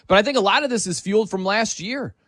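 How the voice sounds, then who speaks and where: A male sports radio host bantering with his co-hosts in an animated way. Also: high-pitched, fast, slightly rough, no room sound, studio quality.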